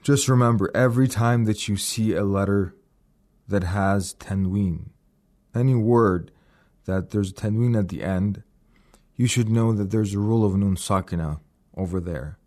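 Guy with a lowish voice teaching on the radio, patient, repeats words slow to show how they go. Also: a little mellow. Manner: patient, explanatory, repeats words slowly to demonstrate. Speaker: Quran recitation teacher. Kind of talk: radio lesson.

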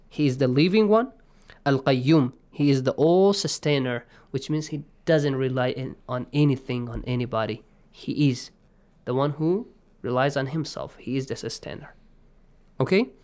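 A man teaches Quran recitation, keeping a patient rhythm and checking in again and again with his students. His voice is smooth and resonant at a middle pitch. Now and then he slips into slow, drawn-out chanting of the verses. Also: a little mellow. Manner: patient, checks in often with "okay?" and "yes?". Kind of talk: online class, explaining and reciting.

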